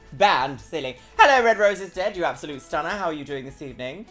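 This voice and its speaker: A woman streaming a game live, chatting casually and playfully, jumping now and then into high squeals. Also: sing-song, brisk, few pauses, a bit bright, faint music behind.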